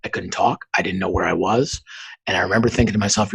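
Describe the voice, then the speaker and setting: A man in his forties tells a personal story as a podcast guest. His voice is husky and raspy and pitched low. He acts out the dialogue as he goes. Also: quick pace, low-quality recording. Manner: animated storyteller acting out quoted dialogue. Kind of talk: storytelling in an interview.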